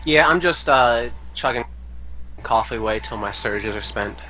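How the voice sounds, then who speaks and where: A man's voice: mid-range voice, moderate pace, pushed and bright, a little hiss or hum. A man playing a tabletop game, joking around between turns. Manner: jokey, laughing. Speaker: player.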